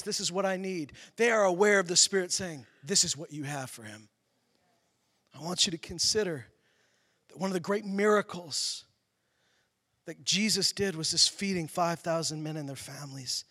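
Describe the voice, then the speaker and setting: A man pastor delivering a sermon, telling stories in an animated way. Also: high voice. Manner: storytelling, animated, laughs through anecdotes. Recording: long hall reverb.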